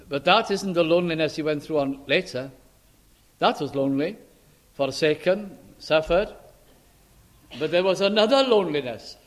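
A man preaching a sermon, quoting scripture slowly and emphatically and asking his listeners rhetorical questions. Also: fairly high pitch.

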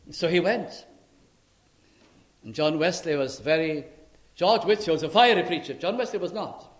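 A man's voice: fairly high pitch, moderate pace. Emphatic male preacher in church. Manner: emphatic, dramatic rises and drops in loudness. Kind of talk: sermon.

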